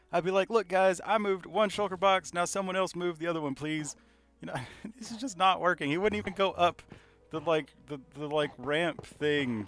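A man giving casual commentary over his gameplay, rambling and self-mocking, filling pauses with "you know". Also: fairly high pitch, a bit bright. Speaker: gaming video creator.

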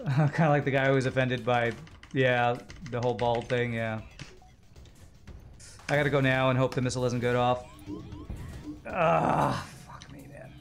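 A man's voice: medium pitch, fairly even intonation, moderate pace, gravelly, long pauses, soft background music. A man streaming a game live, rambling and joking with frequent swearing. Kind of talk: live gaming commentary.

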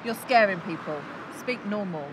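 A woman's voice: mid-range voice, animated, normal speed, background noise, close to an everyday voice. An actress playing a blunt, scheming young woman in a comedy sketch, curt and bossy.

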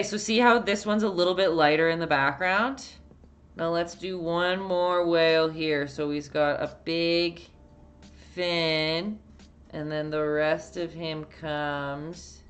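A Canadian painting instructor with a Canadian accent hosts a casual live-stream lesson, speaking slowly in a low, steady voice. She chats freely, replies to viewer chat and frequently laughs.

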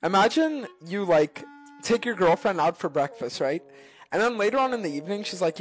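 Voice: medium pitch, big pitch swings, brisk, music in the background, poor audio. A person telling a prank idea and acting out both sides of the dialogue, breaking into laughter. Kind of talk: storytelling prank-advice clip.

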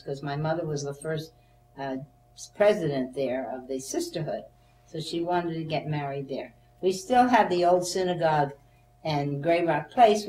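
Her voice sits low as this older woman recounts her past for an oral history. She brings the stories to life by imitating the people in them, laughing frequently, while the echoey room, off-mic placement and faint hum color the audio.

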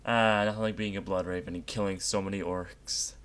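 A man's voice: deep voice, little pitch movement, a little fast, a bit bright, slight background noise. A man hosting a casual let's play, rambling, joking and playfully crude as he plays. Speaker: gaming channel host.

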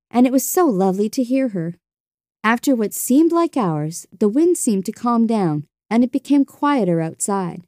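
A woman narrating a children's storybook in a gentle, expressive way. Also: on the high side, no room sound, clean studio sound.

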